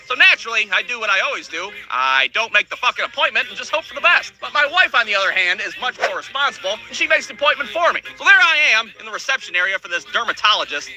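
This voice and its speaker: A man's voice: sits high, sing-song, fast talker, hardly any pauses, pushed and bright, faint music behind, low-quality recording. Foul-mouthed, self-mocking man narrating a cartoon. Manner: crude, profane, self-mocking. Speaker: comedic narrator. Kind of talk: comedic animated storytelling.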